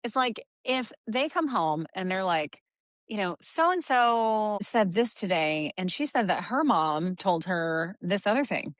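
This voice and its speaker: A woman's voice: fairly low pitch, lively intonation, measured pace, no echo, clean studio sound. A middle-aged woman co-hosting a casual parenting podcast, chatty and quoting herself in a sing-song voice. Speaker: podcast co-host.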